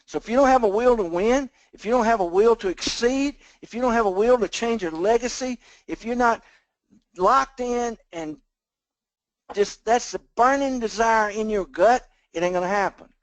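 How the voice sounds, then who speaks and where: A man with a high, bright-pitched voice gives a motivational pep talk to his sales team. His folksy delivery leans on repetition and a preachy rhythm. The sound is close and dry, with no room around it. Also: normal speed, dry recording, poor audio. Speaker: team leader on a sales call. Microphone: phone or conference call line.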